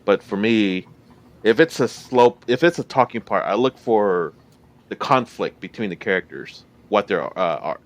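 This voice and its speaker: Deep-voiced man, halting podcast chat. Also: expressive. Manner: hesitant, many filler pauses. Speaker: podcast co-host. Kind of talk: casual movie discussion.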